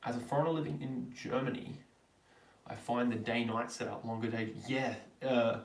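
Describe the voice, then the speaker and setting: A man's voice: mid-range voice, moderate pace, far from the mic. Australian man, young adult, casual live Q&A, chatty, roomy echo. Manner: chatty, reads out viewer questions and answers them. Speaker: livestream host. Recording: roomy, from off the mic.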